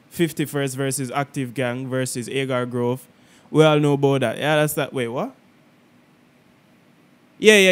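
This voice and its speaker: A man with a Jamaican accent hosting a reaction video, talking casually in an excitable, rambling way. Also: medium pitch. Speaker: reaction channel host.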